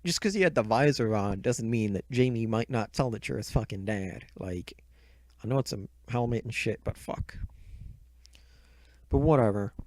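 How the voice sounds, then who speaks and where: A man's voice: fairly low pitch, normal speed, darkish tone, no room sound. A man reviewing a movie in a casual, rambling retelling, swearing often and mocking himself, speaking close into the microphone. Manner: rambling, heavy swearing, self-mocking asides. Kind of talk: casual profane retelling of a plot. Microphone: close mic, speaking right into it.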